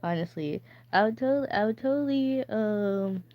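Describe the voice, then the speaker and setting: A woman's voice: mid-range voice, lively intonation, moderate pace, no room sound. A woman streamer chatting casually, rambling and stammering playfully. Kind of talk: casual chat. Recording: dull dry recording.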